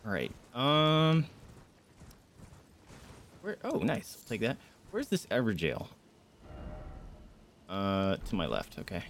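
A man streaming a video game live, rambling through his play and breaking into startled yelps and shouts when enemies surprise him. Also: on the low side, sing-song, slow pace, pauses often, slight background noise. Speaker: gaming streamer. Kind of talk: live gameplay commentary.

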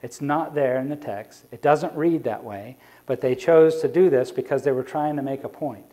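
A male evangelist delivering a sermon in a mellow, warm voice. He walks his listeners through scripture point by point and often pauses to ask them questions. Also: mid-range voice. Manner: explanatory, asks the congregation rhetorical questions. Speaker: evangelist preacher.

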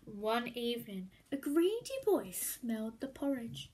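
A woman reads a children's story aloud in a high, expressive voice. Her pitch rises and falls a great deal, and she takes her time, slowing down to draw out each line. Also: slight background noise. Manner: animated, expressive, sometimes hushed.

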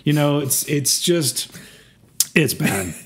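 Animated ranting man on a podcast. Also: on the high side, slow, breathy edge. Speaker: podcast co-host. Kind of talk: casual review chat.

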